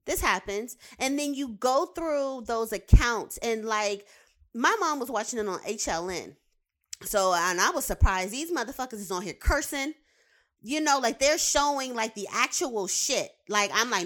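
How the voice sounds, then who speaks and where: A woman in the behavioral sciences who works with clients launches into a heated, profane rant at a moderate pace. Her voice runs on the high side, animated and fairly bright, and she repeats words for emphasis throughout this casual commentary.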